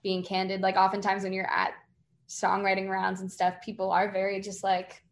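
A woman's voice: medium pitch, moderate pace. Chatty young woman musician. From Massachusetts, near Boston. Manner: chatty, many fillers, animated quoting. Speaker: singer-songwriter guest. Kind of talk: casual interview.

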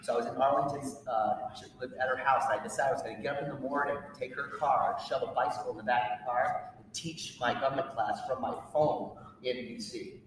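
A male teacher telling a personal story to an audience, animated and acting out what people said. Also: mid-range voice, brisk, few pauses. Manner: animated storyteller, acts out quotes. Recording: echoey hall, distant mic, faint noise.

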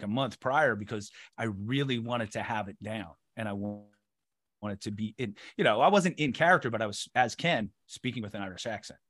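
A man, an actor being interviewed, talking in an animated and emphatic way. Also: mid-range voice. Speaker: actor guest. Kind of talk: casual interview chat.

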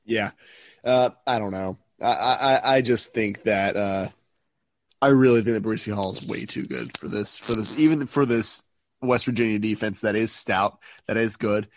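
A man's voice: lowish voice, moderate pace, no room sound. A sniffly man who is sick, co-hosting a sports podcast in a rambling, joking way and often correcting himself. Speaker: podcast co-host. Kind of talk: casual sports chat.

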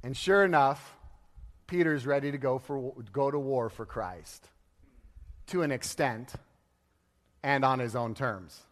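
A male pastor preaching a sermon in a lively, storytelling way, laughing and acting out the people he quotes. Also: mid-range voice, a little slow, long pauses. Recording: long hall reverb.

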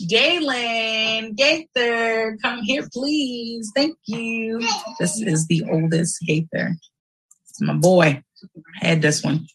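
Bright, husky woman hosting a livestream. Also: fairly high pitch, slow pace, low-quality recording. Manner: animated, emotional, breaks into loud shouts. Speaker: livestream host and aunt. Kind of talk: casual livestream chat.

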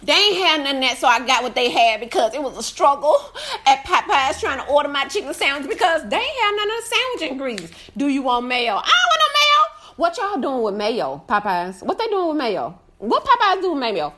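High, lively, loud-mouthed woman ranting. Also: fairly quick. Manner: loud, profane, animated, often shouting; laughs through her complaints. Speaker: food reviewer on a live video. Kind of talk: casual ranting review.

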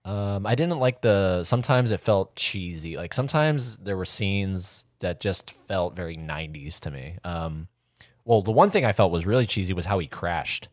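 A man with a very deep voice chats casually about movies, loose and full of fillers. His sound is dry and close. He often breaks into laughter. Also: expressive, normal speed, dry recording. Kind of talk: casual film chat.

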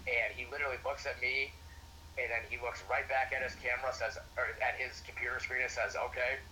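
A man's voice: medium pitch, flat delivery, a little fast, bright, forceful tone, a little hiss or hum, rough recording. A young man, a former college football coach, telling stories in a casual interview with lots of fillers and restarts. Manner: rambling, many restarts and fillers.

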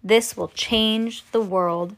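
A woman's voice: on the high side, fairly even intonation, slow pace, fairly bright tone. A woman voicing an enthusiastic old grandfather who exclaims in wonder. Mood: amazed.

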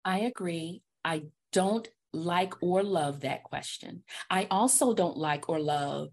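A woman's voice: lowish voice, slow. A woman hosting a podcast interview about public speaking, upbeat and emphatic, laughing often. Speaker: podcast host. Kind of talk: conversational interview.

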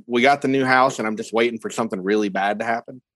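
A man's voice: mid-range voice, fast talker, no echo. Profane, laughing storyteller man, dry sound. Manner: laughing, animated retelling, profane. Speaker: podcast co-host. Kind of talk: casual chat, storytelling.

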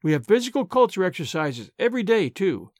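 A man's voice: sits high, big pitch swings, a little fast, no room sound, clean studio sound. A man voicing a gushing, dreamy young girl. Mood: eager. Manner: breathless, gushing, romantic. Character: chatty, dreamy, excitable orphan girl.

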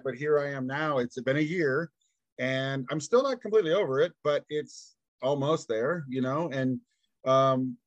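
A man's voice: mid-range voice, no room sound, dull audio. Candid man telling a personal story. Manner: candid, animated, acts out quoted dialogue. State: drained and tired. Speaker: podcast guest.

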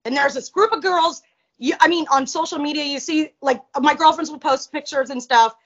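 A woman with a high voice tells a personal story in a casual interview. She is blunt and profane, with plenty of animation. The recording sounds a little muffled. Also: moderate pace, a bit bright. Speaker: interview guest.

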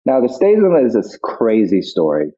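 A man's voice: lowish voice, huge pitch swings, normal speed, warm tone, husky. A middle-aged man, a guest actor, reminiscing in a casual interview, rambling and reflective with many restarts. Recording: tinny phone-like line.

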